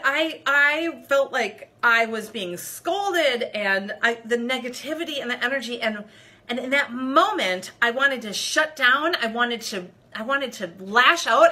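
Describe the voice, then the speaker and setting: Bright-voiced woman telling a story. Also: on the high side, measured pace. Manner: animated, expressive storytelling; addresses viewers directly as "you guys". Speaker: leadership coach. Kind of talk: personal story told to camera.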